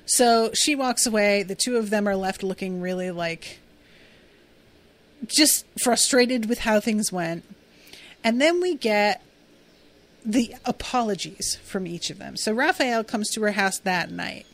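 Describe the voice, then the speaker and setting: A woman's voice: mid-range voice, unhurried. A woman talks casually as a podcast host, recapping a TV episode. She is chatty and full of fillers, and she slips into acted-out quotes of the characters.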